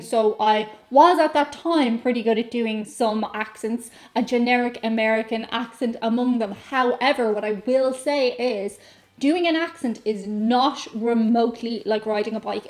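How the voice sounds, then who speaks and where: A woman's voice: fairly high pitch, darkish tone. A woman with an Irish accent chatting playfully to camera as a vlogger, reading aloud and joking about herself. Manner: playful, self-mocking, reads aloud and riffs. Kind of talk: casual comedic chat to camera.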